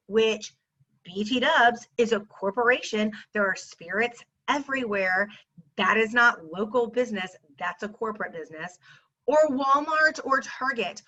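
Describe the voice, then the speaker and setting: Woman in her thirties, sassy vlogger ranting straight to her viewers, bright sharp voice, a bit high, slightly dull lo-fi sound. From Texas. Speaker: teacher and mother. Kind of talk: casual storytime rant to camera.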